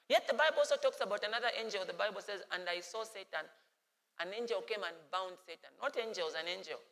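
A man preaching a sermon as pastor, animated and playful. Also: sits high, in a large hall.

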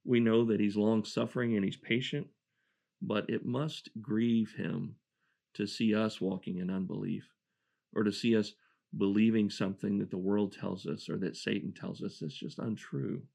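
Male preacher, lowish voice with fry, earnest verse-by-verse sermon delivery. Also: fairly even intonation, normal speed, darkish tone. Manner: earnest and reflective, with restarts. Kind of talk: sermon, verse-by-verse Bible teaching.

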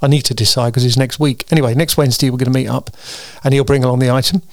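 Male host, tired, gravelly voice, dry close sound, loose rambling monologue. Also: mid-range voice, steady tone, very fast, no echo. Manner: chatty, meandering, with frequent ums and restarts. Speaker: host of a weekly solo show.

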